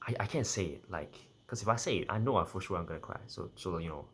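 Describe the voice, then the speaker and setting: Speaking fast with lively intonation, a young vlogger with a deep, slightly rough voice half-jokes through a loose personal monologue. He rambles and corrects himself often.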